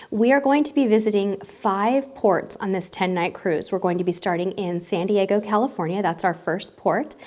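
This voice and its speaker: A woman's voice: medium pitch, darkish tone. A woman in her thirties, a travel vlogger, talking casually and cheerfully to her viewers with small self-corrections. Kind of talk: casual vlog talk to camera.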